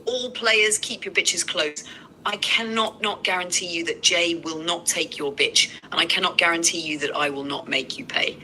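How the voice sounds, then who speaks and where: A woman's voice: fairly low pitch, a little hiss or hum, poor audio. A woman co-hosting a livestream, firing off long, theatrical comic insults. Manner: rapid-fire insults, loud and theatrical. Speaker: livestream co-host. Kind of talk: comedic roast rant.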